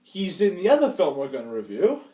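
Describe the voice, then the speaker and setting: A young man chatting casually as a film reviewer, playful and excitable, often jumping in with jokes. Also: sits high, brisk. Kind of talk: casual chat. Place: indoor room. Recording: echoey room from a distance.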